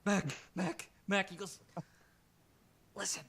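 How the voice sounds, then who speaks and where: A man voicing a drunken, indebted male mercenary who talks loud and giggly. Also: sits high, flat delivery, slow pace, slightly rough, pitched above the performer's own voice, full character voice. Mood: boisterous.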